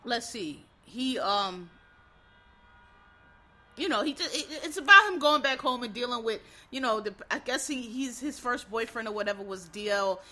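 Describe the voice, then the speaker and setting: A man chats casually to his listeners, sounding a little tired. His voice is bright and forward. He rambles, trails off and restarts, and calls his audience y'all. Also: very high voice, expressive, normal speed. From Philadelphia. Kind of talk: casual chat recapping a TV show.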